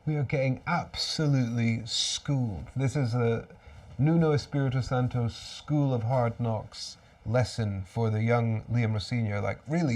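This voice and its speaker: A man's voice: medium pitch, distant mic. Exasperated male fan commentating live. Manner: exasperated, swings from shouting to resigned muttering. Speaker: host of a fan watchalong stream.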